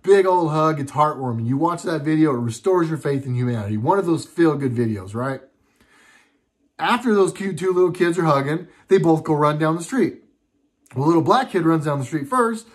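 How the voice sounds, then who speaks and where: A man's voice: fairly high pitch, expressive, normal speed. A young adult man from the United States giving a casual political commentary monologue, indignant, sarcastic and rambling.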